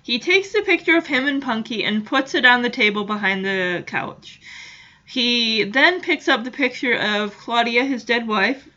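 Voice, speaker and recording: A woman's voice: on the high side, expressive, unhurried, bright, forceful tone, dull audio. A woman hosting a podcast, chatting casually through a recap with many "you know" fillers. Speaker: podcast host.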